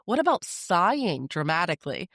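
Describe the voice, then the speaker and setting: Calm, firm woman with a low voice. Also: no room sound, clean studio sound. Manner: calm, firm and direct, speaks in short deliberate sentences. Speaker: parenting podcast host. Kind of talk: scripted advice monologue.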